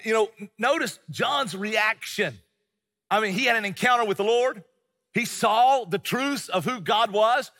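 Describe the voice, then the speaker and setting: A middle-aged male pastor preaches in a high, bright voice that rings out with a long reverb through a church hall. He keeps it conversational, piling on fillers and quick restarts. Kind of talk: sermon.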